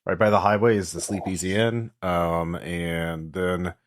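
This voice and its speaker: A man with a low voice runs a tabletop game, narrating in a loose, chatty way full of "uh"s and "like"s. He sets scenes and calls for dice checks. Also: flat delivery, measured pace, slight background noise. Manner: loose and conversational, many fillers. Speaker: game master.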